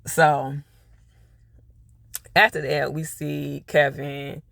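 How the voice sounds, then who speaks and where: A man's voice: a little high, flat delivery, extremely slow, vocal fry, bright, forceful tone, dry recording. A man giving a casual recap of a TV episode. He retells the scenes in quoted dialogue and reacts to the characters with laughs. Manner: loose, chatty, full of fillers like "you know" and "or whatever". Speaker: TV episode reviewer.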